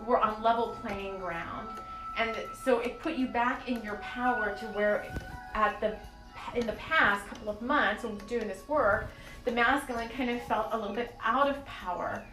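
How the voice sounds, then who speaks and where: A woman hosting a spiritual podcast, talking in an earnest, rambling and emotional way with many fillers. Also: on the high side. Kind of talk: channeled spiritual podcast talk. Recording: echoey room with soft music.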